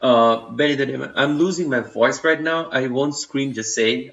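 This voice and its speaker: A young man with an Indian accent chats casually on a live stream, rambling through fillers and restarting his sentences. His voice sits at a middling pitch. The sound is roomy and a little dull. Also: moderate pace, a bit bright. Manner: chatty, loose, full of fillers and restarts, reads chat aloud. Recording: roomy, slightly dull home stream audio.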